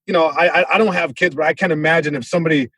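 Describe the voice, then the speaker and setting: A man from Southern California, a comedian guest telling a story on a podcast, animated, with many restarts. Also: on the high side, rapid-fire, husky, no room sound, poor audio.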